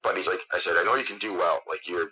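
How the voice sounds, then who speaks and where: A man who is a guest on a podcast, excitedly telling a long story with lots of fillers. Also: sits low, fast talker, husky, rough recording. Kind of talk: casual interview chat.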